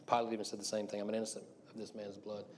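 Man, casual sermon, chatty, acts out quotes, low pitch, faint background noise. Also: completely flat delivery, rapid-fire, a little mellow. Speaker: preacher.

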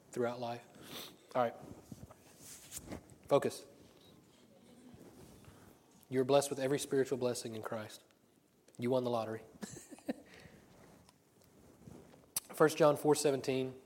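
A man preaching at an everyday middle pitch, speaking to his congregation as if chatting with friends. He moves easily between stories and scripture and tosses out questions for them to answer. A light laugh keeps breaking into his talk. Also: a little mellow. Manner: conversational storytelling, rhetorical questions, frequent laughs. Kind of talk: sermon.

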